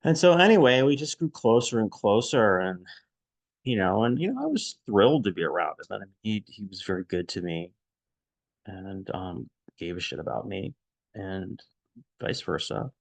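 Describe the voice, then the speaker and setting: A man casually recalling a friendship, quiet and reflective, halting with many restarts and fillers, audibly emotional. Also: on the low side, big pitch swings, dry recording. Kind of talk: casual personal storytelling.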